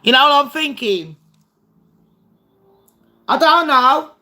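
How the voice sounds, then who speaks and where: A woman's voice: high voice, expressive, slow, sharp tone. A woman hosting a casual livestream game with her viewers, blunt and foul-mouthed. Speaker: livestream host.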